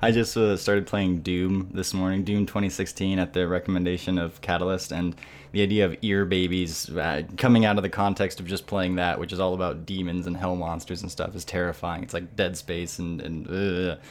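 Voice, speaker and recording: A man's voice: low-pitched, little pitch movement, brisk. A man hosting a casual gaming podcast, talking in a thoughtful, rambling way with frequent restarts. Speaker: podcast host.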